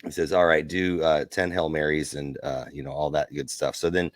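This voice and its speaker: Deep-voiced opinionated man, dry sound. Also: little pitch movement, moderate pace, no echo. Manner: emphatic, opinionated. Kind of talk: casual chat, opinionated.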